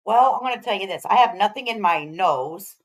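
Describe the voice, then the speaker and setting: A woman's voice: medium pitch, lively intonation, fairly quick, rough recording. Sarcastic woman reacting to a clip. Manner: sarcastic, teasing, laughing asides. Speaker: commentary channel host. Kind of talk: reaction commentary.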